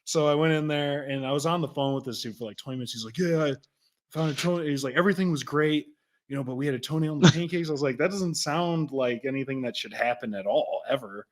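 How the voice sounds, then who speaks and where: A man co-hosting a podcast, telling a story in a casual, animated way and laughing as he goes. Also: fairly high pitch, fast. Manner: animated, laughs through his stories. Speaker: podcast co-host.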